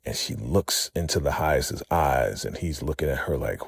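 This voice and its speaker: A man's voice: very deep voice, animated, normal speed, gravelly, husky, no room sound, studio quality. A man hosting a casual vlog recap of a TV episode, chatty and calling his viewers fam.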